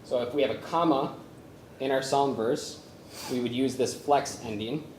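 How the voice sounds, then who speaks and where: A man presenting a workshop on chanting psalms, speaking haltingly with many fillers and humming melodies to show them. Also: medium pitch, noisy background. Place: conference room with a live audience. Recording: roomy echo from a lecture space.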